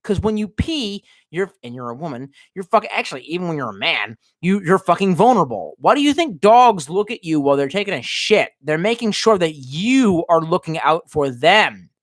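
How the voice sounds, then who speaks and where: A man's voice: fairly high pitch, sing-song, moderate pace, few pauses, no echo, studio quality. Drunk, profane man ranting on stream. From Baltimore. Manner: profane, mocking, shifts between yelling and muttering. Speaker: streamer reading chat. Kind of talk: casual livestream rant.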